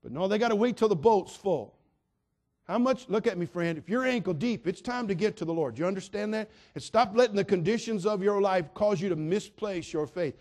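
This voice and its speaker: High-voiced preacher, loud-to-quiet swings. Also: male voice, lively intonation, fairly quick. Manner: dramatic, swings from quiet asides to shouts; acts out quoted voices, addresses listeners directly. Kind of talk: sermon.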